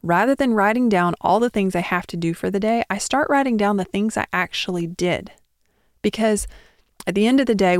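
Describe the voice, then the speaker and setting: Woman in her 30s doing a solo podcast, smooth clear voice, dry close sound, chatty and encouraging. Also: fairly low pitch, dry recording. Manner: chatty, encouraging, with small laughs. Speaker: podcast host.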